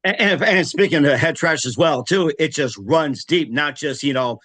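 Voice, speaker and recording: A man hosting an interview show who asks halting questions with many fillers and restarts. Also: a little high, a bit bright. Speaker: show host. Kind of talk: casual interview chat.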